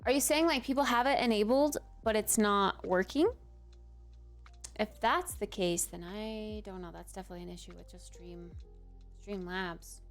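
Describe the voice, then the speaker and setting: A woman's voice: mid-range voice, normal speed, soft background music. A young adult woman livestreamer in casual live-stream chat, talking straight to her viewers and cheering them on.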